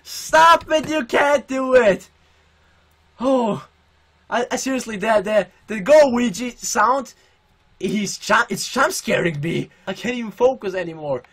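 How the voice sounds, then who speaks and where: A young man livestreaming a game, shouting and swearing, overwhelmed and emotional, his voice strained from yelling. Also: very high-pitched, animated, a little slow, husky. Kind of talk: excited live game-stream commentary. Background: loud game music.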